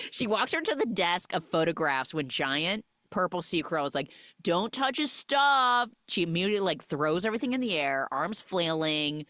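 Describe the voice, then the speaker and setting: A young woman hosting a podcast, recapping a film in fast, sarcastic, animated chat. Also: fairly low pitch, no echo, studio quality. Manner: animated, sarcastic, fast storytelling with quoted voices. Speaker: podcast host.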